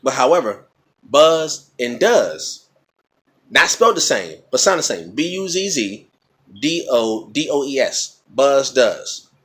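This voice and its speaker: A man's voice: medium pitch, big pitch swings, takes it slowly, a bit bright, husky. A man casually explaining battle rap rhymes in a teacherly way, repeating example words and checking in with "okay?".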